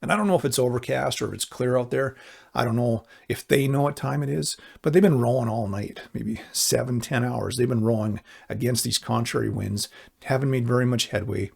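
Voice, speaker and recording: A middle-aged man preaching as a pastor, earnest and conversational, slowing into emphatic appeals. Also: medium pitch, creaky, a little mellow, husky. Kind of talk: sermon.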